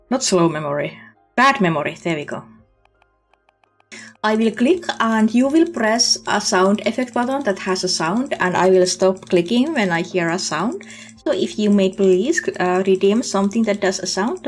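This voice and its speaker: A woman streamer chatting casually and candidly while playing a game. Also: medium pitch. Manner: chatty and candid, reacting with laughs.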